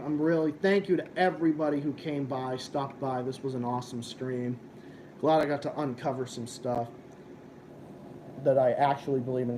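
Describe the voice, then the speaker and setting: A man's voice: a little high, mellow, a little hiss or hum. A young man hosting a live stream, ranting and swearing as he chats with viewers. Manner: profane, ranting, combative. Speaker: livestream host. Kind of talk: casual live-stream chat.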